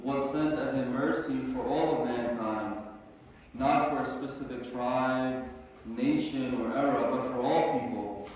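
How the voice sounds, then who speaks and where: A man giving a formal prepared speech at a symposium, earnest and measured. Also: mid-range voice, fairly even intonation, darkish tone, slight background noise. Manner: measured, earnest oratory with a slow deliberate rhythm. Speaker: symposium speaker. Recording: echoey hall from far off.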